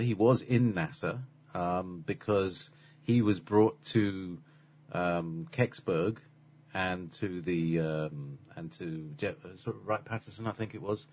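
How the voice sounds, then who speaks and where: Low, husky man rambling casually. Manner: rambling with many fillers and restarts. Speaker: channeler and voice performer. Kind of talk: casual conversation.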